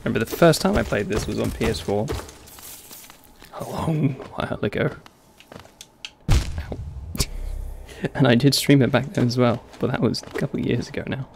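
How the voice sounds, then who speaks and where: Young male streamer, gravelly voice, playful banter with chat, faint background noise. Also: mid-range voice, moderate pace, pauses often. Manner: playful, chatty, laughs often, talks to chat. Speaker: gaming streamer. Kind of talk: casual live-stream commentary.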